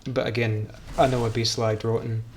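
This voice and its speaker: A man's voice: medium pitch, level tone, moderate pace, darkish tone, slight background noise. A man streaming a game, rambling and joking in casual, self-mocking commentary. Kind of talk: casual commentary while gaming.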